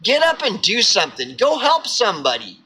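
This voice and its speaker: A man's voice: sits high, expressive, a little slow, bright, forceful tone, a little hiss or hum, exaggerated voice. A man with an Oklahoma accent voicing his own harsh, scolding inner cynic, barking profane insults at himself.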